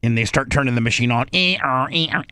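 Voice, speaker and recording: A man's voice: medium pitch, moderate pace, fairly bright tone, dry recording. A man hosting a talk radio show, telling a personal story in casual chat and acting out his own panicked voice.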